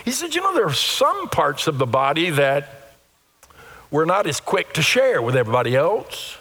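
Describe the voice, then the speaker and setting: Animated preacher man in a reverberant hall. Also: a little high, moderate pace. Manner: animated, acts out little voices of churchgoers. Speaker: pastor. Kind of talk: sermon. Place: church sanctuary. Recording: long reverb of a church hall.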